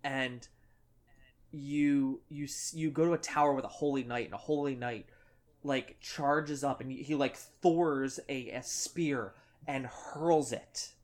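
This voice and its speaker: A woman's voice: a bass voice, takes it slowly, darkish tone. A woman co-hosting a casual podcast chat, animatedly retelling scenes and swearing casually. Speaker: podcast co-host.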